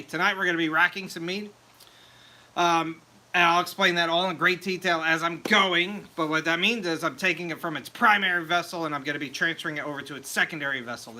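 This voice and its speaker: This is a male home mead maker hosting a casual livestream from his home meadery. His voice is bright, tense, and slightly high, and he chats freely, laughs at his own jokes, and reads viewer comments aloud.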